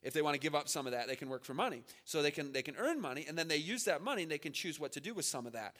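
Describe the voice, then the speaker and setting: Man, 30s, chatty seminar preacher, bright tone. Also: on the high side, expressive, racing. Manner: conversational, repeats words, asks "right?". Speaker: speaker at a church family seminar. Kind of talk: informal sermon with stories.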